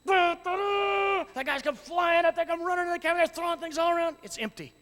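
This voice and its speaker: A man telling lively stories to an audience as a youth ministry speaker, acting out voices and shouting at times. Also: very high-pitched, fast talker, slight background noise. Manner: animated, acts out voices and shouts. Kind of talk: storytelling talk to an audience. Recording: long hall reverb.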